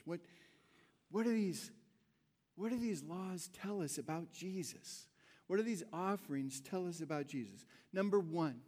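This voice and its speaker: A man's voice: fairly high pitch, a little slow, darkish tone. A middle-aged man preaching a sermon, telling a personal story in a rambling, conversational way with many restarts. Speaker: pastor.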